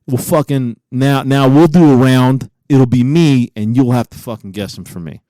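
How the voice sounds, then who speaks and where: A man in his forties, co-hosting a podcast, telling stories in a profane, animated way and laughing often. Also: medium pitch, moderate pace, no echo, studio quality. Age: 40s. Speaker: podcast co-host. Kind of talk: casual chat.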